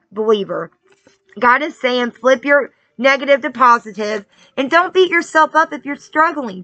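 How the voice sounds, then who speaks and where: A woman's voice: on the high side, pushed and bright. A woman giving a spiritual card-reading message in a casual preaching way, earnest and confiding, who keeps checking in with her listeners. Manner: earnest, keeps checking in with "all right?" and "okay?"; confiding and testimonial.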